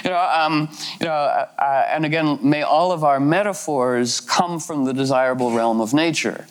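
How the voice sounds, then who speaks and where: A man's voice: on the high side, moderate pace, low-quality recording. A man giving a meandering, playful astrology talk, full of "you know" fillers and laughing asides. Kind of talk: rambling spoken talk.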